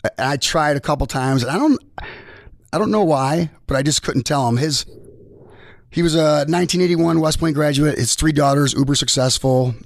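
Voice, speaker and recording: A man, a military veteran, tells a personal story as a podcast guest, halting and restarting often as he speaks. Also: fairly high pitch, creaky, no room sound, studio quality. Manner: halting, with many restarts and repeated words. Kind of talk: emotional personal storytelling in conversation.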